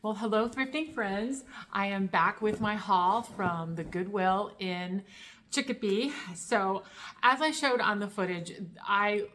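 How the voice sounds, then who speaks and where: Speaking slowly in a medium-pitched, slightly bright voice, a thrift vlogger eagerly thinks aloud about what she found, sounding out of breath from loading the car. She's on a couch at home, and there's a little hiss or hum in the audio.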